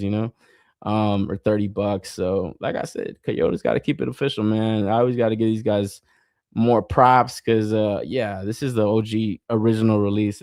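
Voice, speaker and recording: A podcast host with a lowish, darkish voice reads live comments in a casual chat, rambling, swearing a lot, filling gaps with fillers and laughing often. It's a clean, dry studio recording.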